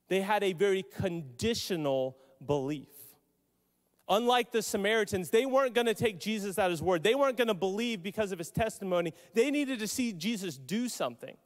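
A male pastor preaching a sermon, telling the story emphatically with pauses. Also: high voice. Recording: long hall reverb.

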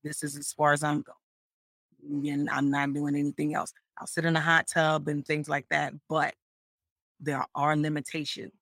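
A woman hosting an interview, candidly sharing a personal story in a relaxed way. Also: low-pitched, measured pace, dry recording, clean studio sound. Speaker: interview host. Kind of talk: casual personal conversation.

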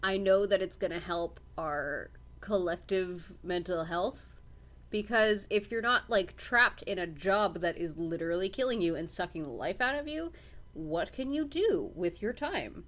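A woman's voice: lowish voice, expressive, measured pace, fairly bright tone. A woman hosting a casual podcast chat, easily amused and earnest when sharing her views. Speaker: podcast host.

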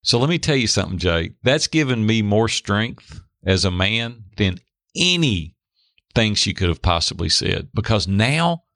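A middle-aged man telling a candid, animated personal story as a guest in a faith-based talk. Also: fairly low pitch, measured pace, no echo, clean studio sound. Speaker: podcast guest.

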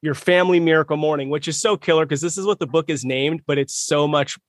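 A man hosting a podcast in casual interview talk, upbeat and quick to affirm his guest. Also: fairly high pitch, no echo, clean studio sound. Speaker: podcast host.

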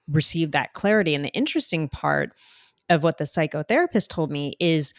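A woman's voice: low-pitched, expressive, brisk, dry recording, studio quality. Candid woman with a Jersey accent. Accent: New Jersey. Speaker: podcast guest. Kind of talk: candid conversational interview.

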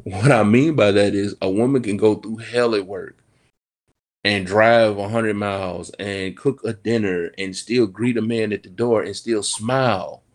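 Frank low-voiced man on a podcast. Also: a little slow. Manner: animated, frank, swears casually. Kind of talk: casual podcast conversation.

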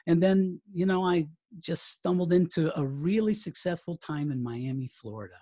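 A man's voice: on the high side, normal speed, dark tone, dry recording, studio quality. A man in his fifties with an American accent, a writer and former radio broadcaster chatting through an interview in a storytelling way. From United States. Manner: storytelling, chatty, with laughs and restarts. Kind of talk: casual interview chat.

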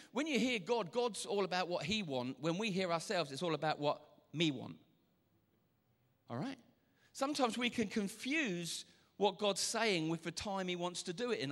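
Male pastor, fairly high voice, animated preacher, long church reverb. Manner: animated, acts out quoted voices. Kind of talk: sermon.

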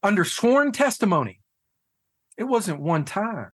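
A man talking casually on a podcast, telling a personal story with lots of swearing and sudden jumps into shouted disbelief. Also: high voice, very animated, unhurried, slightly rough. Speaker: guest, head of a fathers' nonprofit.

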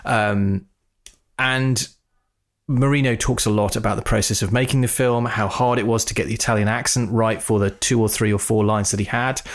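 A man co-hosting a podcast, chatting casually about a film and breaking into animated, high-pitched mock reactions. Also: normal speed. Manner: animated, mimics reactions in raised voice. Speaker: podcast co-host. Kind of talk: casual film review chat.

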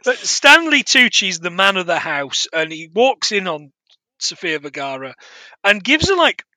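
A man's voice: sits high, very animated, unhurried, bright, forceful tone, no room sound. A man chatting casually as a podcast co-host, rambling with frequent laughs and restarts. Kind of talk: casual film review chat.

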